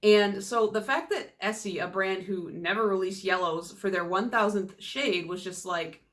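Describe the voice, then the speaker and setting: A woman's voice: medium pitch, moderate pace, fairly bright tone. A young woman in a casual, rambling, self-deprecating chat about nail polish as a YouTuber.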